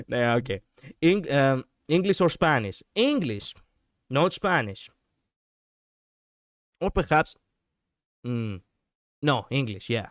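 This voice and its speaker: A man's voice: mid-range voice, big pitch swings, slow pace, long pauses, dry recording, clean studio sound. A man chatting casually on a livestream as a VTuber, rambling and laughing often while he responds to viewers. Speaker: VTuber streamer.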